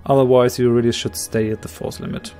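A man with a slightly hoarse voice calmly explaining his moves, thinking aloud in a strategy game let's play. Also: mid-range voice, fairly quick, soft background music. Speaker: game commentator.

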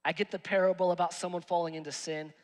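A man, a pastor, voicing a puzzled male disciple who asks questions, in a lower, softer voice than his own. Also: little pitch movement, quick pace, lightly acted. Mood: questioning. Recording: long reverb in a church hall.

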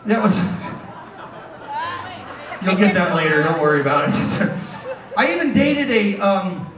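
A middle-aged stage hypnotist with a high voice works a casino crowd, teasing people and chuckling at his own jokes. His voice is picked up from across an echoing showroom. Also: very animated, slow, noisy background. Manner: wisecracking, teasing the audience, chuckles often. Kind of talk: comedic stage banter with a live crowd. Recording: echoey hall from a distance.

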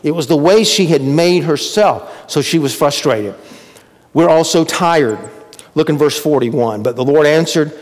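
A man preaching a sermon as pastor in a conversational way, swinging between emphatic rises and quiet drops. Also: fairly high pitch, a little slow, in a large hall. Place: church sanctuary.

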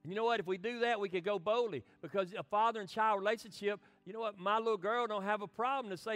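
A man's voice: sits high, steady tone, quick pace, few pauses, no echo, faint music behind. Man preaching. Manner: impassioned preaching that drops to soft, hushed lines. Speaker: pastor. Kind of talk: sermon.

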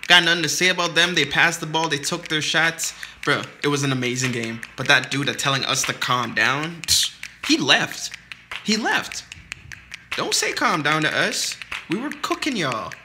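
A man's voice: a little high, animated, moderate pace, noisy background. A young man giving casual, heated commentary over his own basketball video game match, swearing and trash talking his teammates and opponents.

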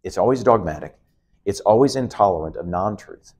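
A man's voice: sits low, lively intonation, fairly quick, a little mellow, slightly rough. A middle-aged man teaching a Bible lesson as a pastor, preaching emphatically with repeated, building phrases and the odd "uh". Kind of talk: expository sermon.

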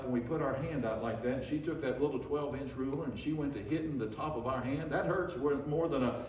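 A man's voice: fairly high pitch, a little mellow, slight background noise. An older man preaching a sermon in a church, telling stories in a folksy way with frequent restarts. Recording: echoey church room, from far off.

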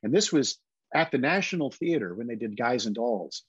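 Husky older man telling stories. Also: mid-range voice, expressive, moderate pace, no room sound, muffled recording. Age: 70s. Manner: anecdotal, slips into put-on voices for quotes. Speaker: guest actor. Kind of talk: casual interview storytelling.

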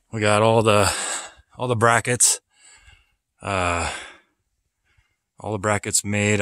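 A man's voice: fairly low pitch, dry recording. A man casually showing his building project outdoors, a little out of breath, rambling and joking about himself. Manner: relaxed, self-deprecating, rambling. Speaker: vlogger builder. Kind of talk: casual walkthrough vlog.

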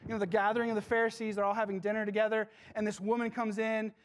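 A man preaching a sermon to his church, passionate, with dramatic pauses and questions to the congregation. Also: sits high, level tone, a little hiss or hum. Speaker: pastor.

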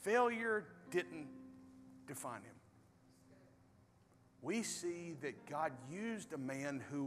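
A man preaching a sermon as pastor, animated, swinging between loud bursts and hushed storytelling. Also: a little high. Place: large church hall. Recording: reverberant hall with soft music.

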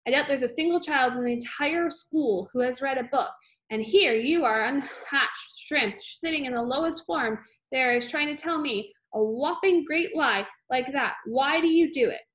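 A woman's voice: sits high, normal speed, fairly bright tone. A woman reading aloud, voicing a bullying, scornful headmistress with a harsh, barking manner. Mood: accusing.

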